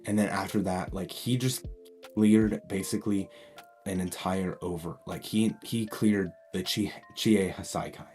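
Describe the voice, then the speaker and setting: Deep, mellow man retelling a fan story. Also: fairly even intonation, measured pace, soft background music. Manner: rambling, lots of "like" and restarts. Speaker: YouTube storyteller.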